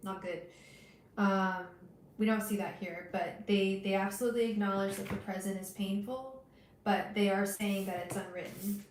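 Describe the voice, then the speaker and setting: Gentle tarot reader woman, echoey room. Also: mid-range voice, steady tone, moderate pace, slight background noise. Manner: gentle, soothing, talks straight to viewers; emotional, hesitant restarts. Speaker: tarot reader livestream host. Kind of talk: casual livestream reading.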